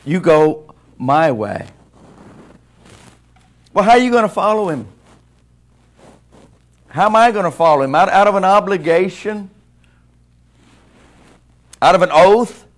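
A man's voice: high voice, animated, a little slow, pauses often. A man preaching a sermon in a church, in a conversational way that keeps asking the congregation questions. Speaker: pastor. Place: church sanctuary.

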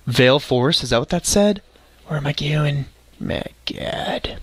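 A man giving chatty, excitable let's play commentary, talking to the game's creatures. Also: fairly high pitch, moderate pace, slight background noise. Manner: excitable, chatty, talks to game animals. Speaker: game streamer.

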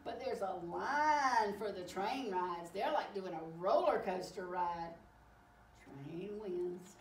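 A woman reading a picture book aloud to children, animated and expressive as she tells the story. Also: mid-range voice, slow. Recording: echoey room, distant mic, faint hiss.

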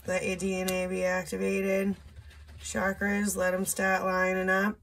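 A woman reads tarot cards at an unhurried pace, musing aloud with the odd blunt aside. Her voice has a gravelly, fry-heavy edge. A faint hiss sits under the recording. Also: mid-range voice, completely flat delivery, fairly bright tone. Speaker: tarot reader. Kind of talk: casual solo tarot reading. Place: indoor room with a window.

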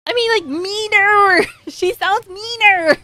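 A woman giving casual, excitable reaction commentary as an anime reviewer, often laughing. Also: extremely high pitch, slow pace, dry recording. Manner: excitable, giggly.

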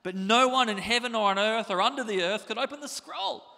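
A man preaching a sermon as pastor, animated and conversational, asking the congregation rhetorical questions. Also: high voice, a little fast, vocal fry, in a large hall.

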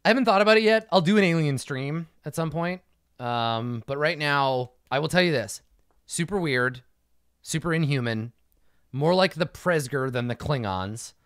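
A man fields fan questions on a casual stream, talking bluntly with plenty of swearing. His fairly high voice swings widely in pitch as he jumps into little acted-out exchanges. The sound is close and dry, with no room around it. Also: expressive, a bit bright, smooth, no echo. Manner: blunt, profane, acts out quick mock dialogue. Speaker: game master answering fan questions. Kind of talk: casual livestream Q&A.

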